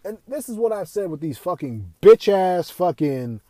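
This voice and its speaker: A man's voice: high voice, big pitch swings, moderate pace, mellow, dry recording. A young man ranting as a podcast host, swearing constantly, repeating himself and firing rhetorical questions. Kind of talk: profane opinion rant.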